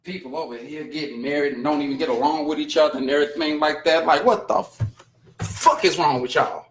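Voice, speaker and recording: A man with a high-pitched voice hosts his own casual stream and chats straight to his viewers. He rants bluntly and profanely, sounding thoroughly exasperated. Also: brisk, slight background noise. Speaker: show host reading chat. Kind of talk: casual live-stream commentary.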